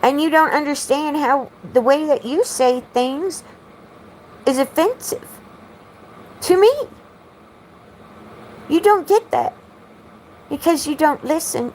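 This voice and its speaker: A woman's voice: high-pitched, a little hiss or hum, low-quality recording. A woman talking straight to the camera in a blunt, profane, accusatory monologue, repeating her phrases as she rambles. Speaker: vlogger.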